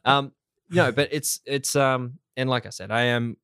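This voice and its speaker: A man hosting a relaxed podcast, talking in loose, rambling stretches full of fillers and the odd swear word. His voice sits at a middling pitch, and the recording is dry and close, with no room sound. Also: a little slow, smooth, dry recording. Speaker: podcast host. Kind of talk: casual podcast chat.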